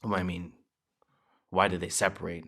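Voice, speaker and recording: A man's voice: low voice, level tone, moderate pace, creaky, sharp tone. A man co-hosting a podcast, reading news items aloud and adding casual, slangy commentary. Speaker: podcast co-host. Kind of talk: casual chat.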